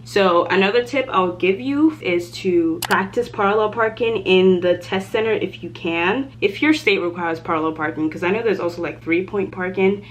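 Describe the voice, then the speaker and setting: A young woman from Nigeria chatting casually through a get-ready-with-me storytime, animated and talkative while she does her makeup at home. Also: fairly low pitch. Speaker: beauty vlogger.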